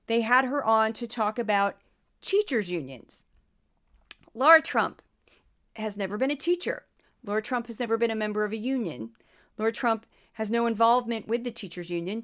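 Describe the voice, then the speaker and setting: A woman hosting a podcast, talking in a lively, sarcastic, laughing way. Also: medium pitch. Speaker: podcast host. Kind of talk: casual commentary.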